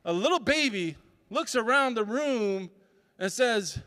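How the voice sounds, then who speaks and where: A man's voice: extremely high pitch, expressive, unhurried, bright, forceful tone. A man giving a motivational talk as a summit speaker. He tells stories and acts out voices and sounds. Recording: reverberant hall.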